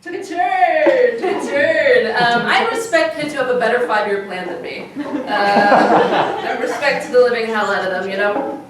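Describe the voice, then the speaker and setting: A woman's voice: fairly high pitch, unhurried, a loud crowd. A woman comedian doing live stand-up, wry, rambling and self-deprecating. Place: cabaret piano bar stage. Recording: echoey room from far off.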